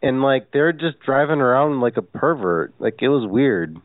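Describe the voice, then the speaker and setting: A man rambles through a prank phone call, halting and circling, leaning on "like" again and again. His voice sits at an ordinary middle pitch. It comes through a narrow, tinny phone line with a dry, close sound. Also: animated, no room sound. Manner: rambling, halting, fills every pause with "like". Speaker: prank caller.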